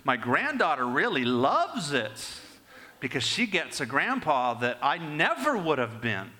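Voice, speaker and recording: An older man preaching a sermon and telling personal stories, swinging between raised and hushed delivery. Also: a little high, big pitch swings, a little slow.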